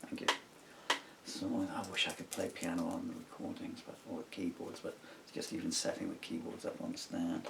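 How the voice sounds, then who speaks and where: A man's voice: low voice, flat delivery, fairly quick, vocal fry, recorded from a distance, heavy background noise. A middle-aged man, a songwriter, talking to himself in a casual, rambling and digressive way while working at a table at home. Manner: musing, digressive, talks to himself.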